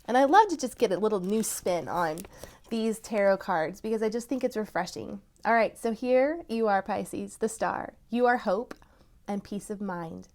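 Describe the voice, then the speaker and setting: A woman giving a tarot reading to her viewers, talking in an encouraging, softly emphatic way and breaking into excited exclamations. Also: medium pitch, normal speed. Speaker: tarot reader.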